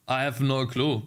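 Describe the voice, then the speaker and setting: A young man streaming himself programming, muttering through bugs and talking to his chat. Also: medium pitch. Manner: frustrated muttering while debugging, talking to chat. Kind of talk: live coding stream chat.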